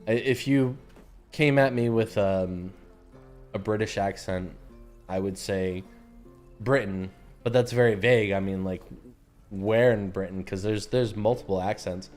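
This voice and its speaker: Laid-back American man, low voice. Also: a little slow, long pauses, a little mellow, soft background music. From United States. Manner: laid-back, chatty, slangy. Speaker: streamer. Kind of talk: casual gameplay commentary.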